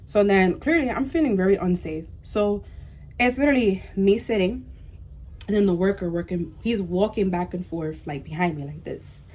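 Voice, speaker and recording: A young woman vlogger telling a storytime tale in an animated way, full of "like" and "bro" and emphatic repeats. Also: mid-range voice, moderate pace. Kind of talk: storytime vlog.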